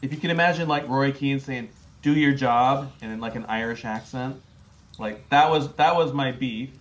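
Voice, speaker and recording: A man's voice: medium pitch, normal speed. A man co-hosting a casual sports podcast, chatty and hedging, repeating words as he works out his opinion. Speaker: podcast co-host.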